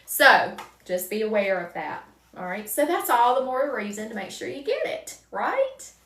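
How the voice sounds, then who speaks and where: A woman with a North Carolina Southern accent hosting a live crafting stream, chatting warmly with viewers by name as she works. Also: a little high, big pitch swings, moderate pace, echoey room, recorded from a distance. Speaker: livestream craft host.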